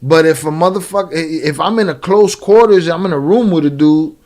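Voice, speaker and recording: A man's voice: fairly high pitch, a little fast, a little mellow. A man giving casual, slangy reaction commentary on a video, joking and laughing as he talks. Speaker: reaction streamer.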